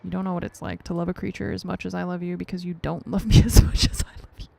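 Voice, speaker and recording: A woman with a low, dark voice talks fast in a flat delivery with vocal fry. She's streaming a game, chatting casually with her viewers and her cat, poking fun at herself and laughing often.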